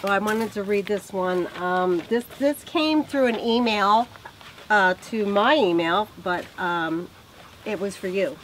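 A woman co-hosting a home video with her husband, talking casually with halting fillers and easy laughter. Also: mid-range voice, background noise. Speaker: co-host and wife. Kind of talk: casual chat.

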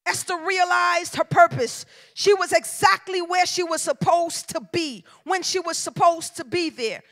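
A woman pastor preaching a sermon in a church, emphatic and colloquial, dropping to a hush and then rising to shouts. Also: very high voice, a little slow. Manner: emphatic preaching with call-and-response cadence, swinging from hushed to shouted; colloquial, folksy storytelling. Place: church sanctuary.

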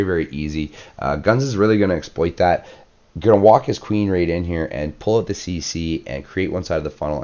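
A man with a very deep voice narrates a strategy game battle in relaxed play-by-play, voice worn hoarse and cracking. He fills gaps with "uh" and "um" and clears his throat often. The recording sounds a little muffled and lo-fi. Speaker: clan war commentator. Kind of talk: gameplay commentary.

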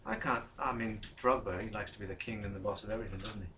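A man's voice: lowish voice, fairly even intonation, quick pace, pushed and bright, far from the mic, slight background noise. A man co-hosting a casual football chat, jokey and rambling, tossing in bits of French. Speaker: vlog co-host.

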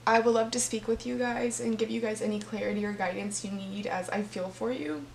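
A woman reads tarot cards briskly in a fairly high, creaky voice with a steady tone, speaking heartfelt and directly to her viewers. Her room echoes, and a faint hum can be heard.

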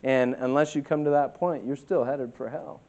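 A man preaching a sermon as pastor. He preaches emphatically, swinging from loud to quiet, and reads scripture slowly. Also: medium pitch, fairly even intonation, dull audio.

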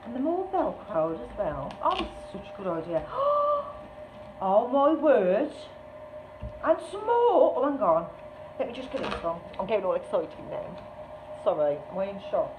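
A woman's voice: medium pitch, big pitch swings, normal speed. A woman chatting casually as she unboxes a parcel on her craft channel, gushing and exclaiming often. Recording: tinny, echoey, noisy room sound.

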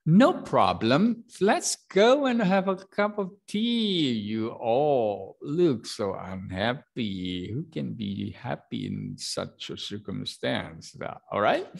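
Indonesian guy teaching english class, kinda low voice, slow, lots of uh, reads the dialogue out in a higher voice. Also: gravelly. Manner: hesitant, many fillers, reads dialogue aloud with lifted pitch. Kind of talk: online classroom lesson.

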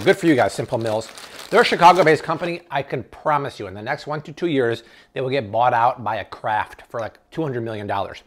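A man in an enthusiastic grocery haul review, exclaiming and tasting products on camera. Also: mid-range voice. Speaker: food vlogger.

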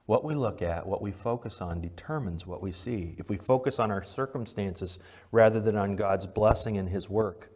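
Speaking at normal speed, a man preaches a church sermon as pastor. He swings from loud emphasis to quiet, low delivery and questions the congregation directly.

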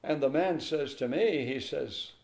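A man's voice: a little high, a little slow, creaky. An older man, a pastor, telling a story in an interview and acting out the voices of the people in it. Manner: animated storyteller acting out dialogue. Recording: echoey room.

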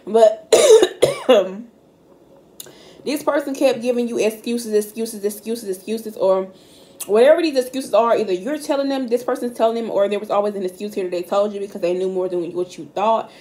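Here the tarot reader's mid-range voice is mellow and expressive, moving at a moderate pace. Talking casually to camera through its built-in mic, she stays blunt and profane and speaks right to the people watching.

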